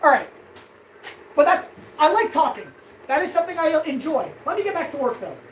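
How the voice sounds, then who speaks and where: A woman blacksmith chatting fast and eagerly with her live-stream audience while she works in her workshop. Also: high voice, sing-song, slight background noise, rough recording. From Canada. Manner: chatty, talks fast, answers chat eagerly. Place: workshop with power tools.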